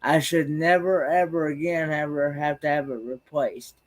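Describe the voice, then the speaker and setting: A man with a Southern accent chatting casually, speaking haltingly and repeating words as he goes. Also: a little high, steady tone. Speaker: regular guest. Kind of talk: casual chat.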